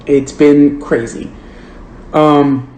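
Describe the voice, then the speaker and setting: Man, slightly high voice, casual rambling host talk, phone livestream, echoey room, light hiss. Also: little pitch movement, very slow, darkish tone. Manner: rambling and earnest, heavy use of "like". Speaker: book club host. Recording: roomy with faint hiss.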